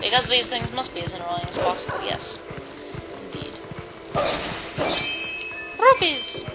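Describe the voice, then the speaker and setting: A woman's voice: mid-range voice, fairly quick, poor audio. A woman giving casual, jokey commentary while playing a video game. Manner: chatty, jokey, self-mocking. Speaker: let's play commentator. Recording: loud game music behind.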